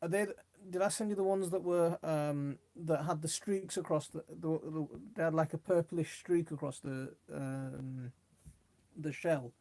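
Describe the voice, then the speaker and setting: A man's voice: fairly high pitch, fairly even intonation, a little slow, dark tone. Middle-aged man, live stream host, rambling chatty talk, reads viewer comments, gets sidetracked. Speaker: gardening livestream host. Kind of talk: casual live chat reading viewer comments.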